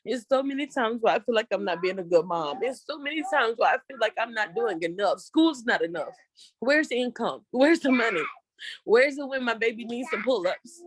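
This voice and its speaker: A woman's voice: medium pitch, no room sound. A young woman, tearfully and casually sharing her struggles as a single mother on a video call. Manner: tearful, heartfelt, casual and repetitive.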